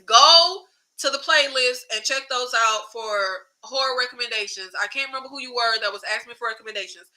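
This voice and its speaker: A woman hosts a casual livestream with a high, very bright voice. She talks in an animated way, swears freely and answers viewer comments. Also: low-quality recording. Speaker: YouTube host.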